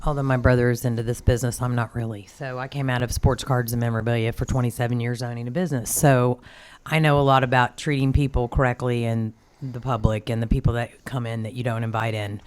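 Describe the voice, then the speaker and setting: A woman's voice: a bass voice, flat delivery, fast talker, a little mellow, a little hiss or hum. Rambling storytelling woman from Oklahoma. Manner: rambling, storytelling, acts out quoted greetings. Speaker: audience member at a symposium. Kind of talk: open-forum conference talk.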